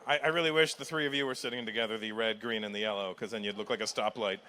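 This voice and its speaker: A man's voice: on the low side, steady tone, rapid-fire, over loud music. A middle-aged man doing stand-up crowd work, teasing the audience and laughing at his own jokes, recorded live on stage. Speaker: stand-up comedian. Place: live comedy venue with audience. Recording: live show with crowd and hall noise.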